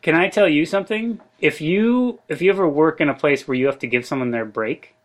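A man's voice: a little high, a little fast. A man hosting an improv comedy show, playing the straight man with lots of ums and false starts. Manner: hesitant, filler-heavy, playing the straight man. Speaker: host. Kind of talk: improv comedy podcast chat.

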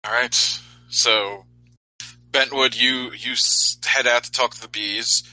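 A man narrating a tabletop game as game master, halting and repeating words as he goes. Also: medium pitch, fairly even intonation, bright, forceful tone, no room sound, poor audio.

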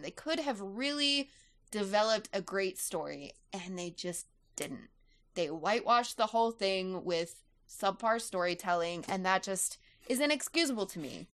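A woman's voice: mid-range voice, a bit bright. A woman giving her earnest, opinionated take in a casual movie review chat.

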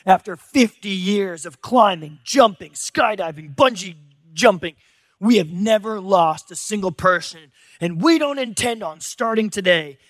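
A man's voice: high-pitched, animated, a little slow, no room sound, heavily acted. A man doing Rad Tad, overhyped adventure guide. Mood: boastful. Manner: yells everything, then turns dead serious. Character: overexcited male adventure guide, loud and intense. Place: church stage.

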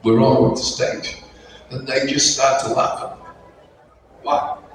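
A man's voice: mid-range voice, fairly even intonation, slow, recorded from a distance. An older man with an Australian accent, a guest on a convention panel telling anecdotes with chuckles and acting out the people he quotes. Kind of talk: anecdotal storytelling. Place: large convention hall. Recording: echoey hall with crowd noise.

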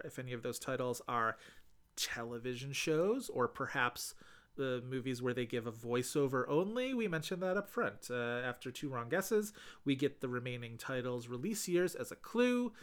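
A man co-hosting a casual film podcast, animated and enthusiastic. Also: medium pitch, normal speed. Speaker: podcast co-host.

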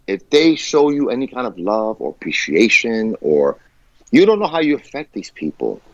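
A man speaking as a podcast guest, fired up and blunt, with plenty of swearing. His pitch leaps up and drops down again as he gets worked up. The sound is dull and lo-fi, with a dry, close feel. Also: big pitch swings, normal speed, no echo. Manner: passionate, emphatic and profane. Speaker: guest musician. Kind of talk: candid podcast conversation.

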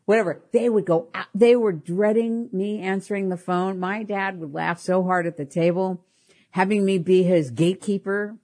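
A middle-aged woman hosting a show, telling personal stories in an animated way, often laughing and repeating her words. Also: medium pitch, moderate pace. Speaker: podcast host. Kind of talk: personal storytelling.

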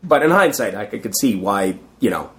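Guesting in a relaxed interview, a middle-aged street performer wanders through anecdotes and performs what others said. His lowish voice swings widely in pitch at a moderate pace, fairly bright in tone, with a little hiss or hum.

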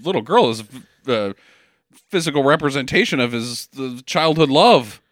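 A man's voice: mid-range voice, expressive, normal speed, fairly bright tone, dry recording, clean studio sound. A man chatting casually as a podcast co-host, laughing often and mocking a film in silly voices. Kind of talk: casual movie-riffing chat.

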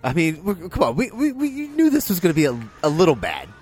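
A man talks with a wildly swinging pitch, animated and often incredulous, in a relaxed movie chat. Faint music sits underneath. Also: fast talker, slightly rough. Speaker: podcast co-host. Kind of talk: casual movie-review chat.

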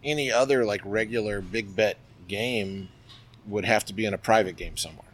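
A man's voice: on the low side, moderate pace, creaky, slightly rough. A middle-aged man guesting on a podcast, spinning anecdotes in a loose, chatty way. He piles on fillers and keeps the story rolling. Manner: lively, chatty, filler-heavy. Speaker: guest, poker player. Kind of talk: interview storytelling.

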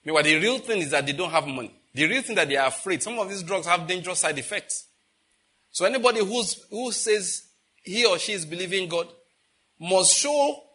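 A middle-aged man, preaching a sermon with lively rhetorical questions. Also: high voice, fairly quick, husky. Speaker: pastor.

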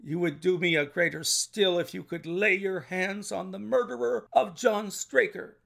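A man voicing an agitated older male colonel, a racehorse owner, in a storybook reading, talking in excited, indignant exclamations. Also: sits high, moderate pace, vocal fry, voice pushed up, full character voice. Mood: effusive.

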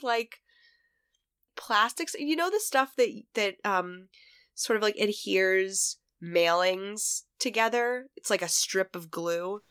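A woman's voice: mid-range voice, slow pace, clear, resonant tone, no room sound, clean studio sound. A woman in her thirties co-hosting a chatty podcast, stuffy from a cold, telling stories with lots of laughter. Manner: animated storyteller, laughs often. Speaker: podcast co-host. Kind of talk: casual chat.

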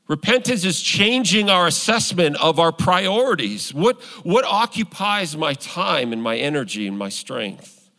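A man's voice: a little high, a bit bright. A man preaching a sermon as pastor, earnest and conversational, building to emphatic points. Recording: long hall reverb.

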